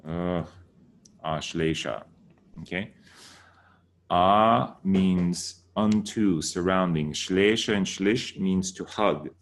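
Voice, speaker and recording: A man's voice: low voice, drawn-out words. A man giving a casual lesson, patiently repeating words to correct how people say them. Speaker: teacher.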